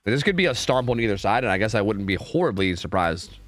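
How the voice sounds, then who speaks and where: Lively, casual male game streamer. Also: fairly low pitch, no room sound, soft background music. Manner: casual, repeats words in quick bursts. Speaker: streamer casting game scrims. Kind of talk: live-stream game commentary.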